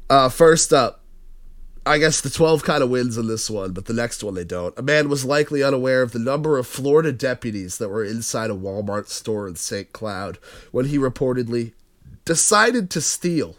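A man's voice: mid-range voice, expressive, moderate pace, a bit bright. A man co-hosting a podcast, reading listener comments aloud and joking in casual chat. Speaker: podcast co-host.

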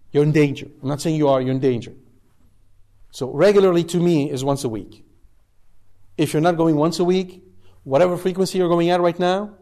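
A man's voice: a little high, warm tone. A man preaching a sermon to a live congregation in a conversational way, asking rhetorical questions and checking in with "okay?". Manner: conversational, asks rhetorical questions with tag 'okay?'.

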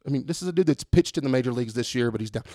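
A man telling a long story in casual chat, animated and swearing freely. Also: medium pitch, very fast, no echo, studio quality. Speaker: podcast host telling a story.

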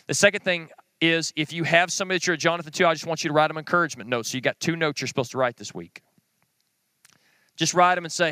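A middle-aged man, teaching a men's group in an earnest, plain-spoken sermon with quick short phrases. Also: a little high, pushed and bright, clean tone, dry recording. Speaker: Bible teacher.

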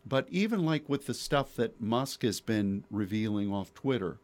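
A man's voice: on the low side, expressive, moderate pace, a little mellow. A man hosting Christian radio talk, preaching emphatically with rhetorical questions and repeated words.

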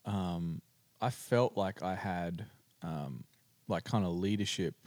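A man with an Australian accent, chatting casually as a podcast co-host, relaxed with plenty of fillers and restarts. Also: deep voice, slow, no echo. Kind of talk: casual chat.

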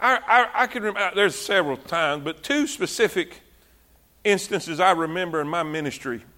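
Male preacher, sermon, very high pitch, bright forceful tone, repetitive fervent exhortation. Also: normal speed.

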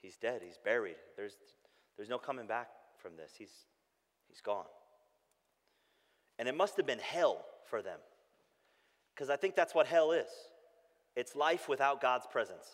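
A pastor delivers a sermon, his voice at an ordinary middle pitch. He tells a story with animated energy and reflects in a softer, quieter tone. Long hall reverb trails behind each phrase. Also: a little slow, long pauses. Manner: animated storytelling, shouting when acting out calls; drops to a soft, hushed tone when reflective.

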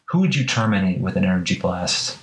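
A man's voice: low voice, lively intonation, a little fast. A man in casual chat, recounting a story in a rambling, playful way full of filler words. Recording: echoey room.

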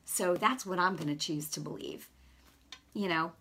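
A woman's voice: lowish voice, animated, normal speed, a bit bright, slightly rough. A middle-aged woman giving an earnest, conversational sermon, telling a personal story with lots of casual asides. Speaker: preacher.

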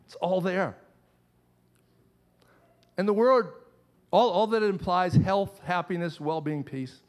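A man's voice: sits high, slow pace. Earnest man preaching a sermon. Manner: earnest preaching with repeated phrases. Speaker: pastor.

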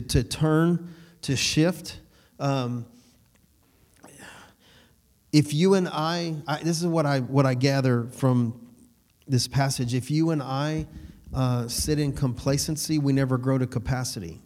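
A man's voice: medium pitch, a little slow, darkish tone. A man preaching a sermon in a conversational way, laughing between points and asking the room if they follow. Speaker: pastor.

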